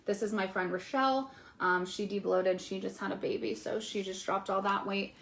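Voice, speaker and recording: A woman's voice: mid-range voice, fairly even intonation, normal speed, vocal fry. A young woman coach talking frankly and casually to her viewers, with many fillers. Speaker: keto coach. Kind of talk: casual promotional video talk.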